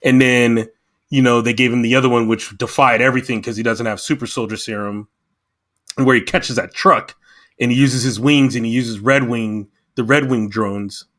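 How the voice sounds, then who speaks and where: Bright-voiced animated American man. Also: mid-range voice, normal speed. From United States. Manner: animated, emphatic, acts out quotes. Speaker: podcast co-host. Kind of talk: casual review chat.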